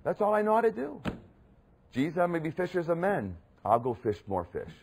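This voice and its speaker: A bold fisherman apostle, as a preacher puts him on, calling out in a raised, husky voice that climbs high. Plain-spoken but commanding, told as part of a sermon. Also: huge pitch swings, brisk, darkish tone, heavily acted. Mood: declaiming. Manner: declaiming, raised voice.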